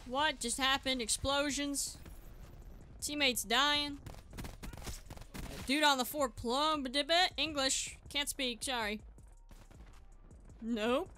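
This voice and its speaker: Woman, high voice, bright and sharp, excitable, yelps, gameplay commentary. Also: takes it slowly, long pauses, slight background noise. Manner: excitable, yelps and shouts in bursts; chatty, self-mocking. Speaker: gaming channel host.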